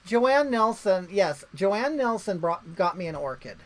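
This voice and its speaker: Woman livestream host, chatty and rambling, lively swooping voice, reads out viewer comments. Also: medium pitch, unhurried, poor audio. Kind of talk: casual livestream chat.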